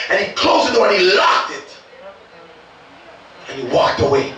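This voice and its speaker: A pastor preaching a sermon, calling out to the congregation and swinging from quiet storytelling to shouted peaks. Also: male voice, sits high, sing-song, normal speed, pauses often, a faint crowd. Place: church sanctuary. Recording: echoey church hall, distant mic.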